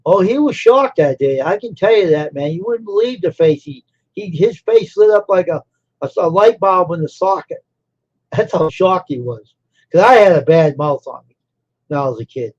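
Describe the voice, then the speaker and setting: A man's voice: high voice, lively intonation, moderate pace, darkish tone, husky. A man hosting a live stream, telling a personal story in a casual, rambling way and repeating phrases for emphasis. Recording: dull lo-fi stream audio.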